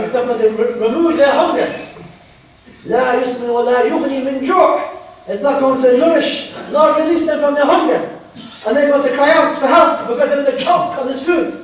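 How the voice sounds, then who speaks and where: A man's voice: very high voice, slight background noise. A man preaching a sermon, emphatic, repeating phrases for weight. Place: mosque prayer hall. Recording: very echoey hall, voice far from mic.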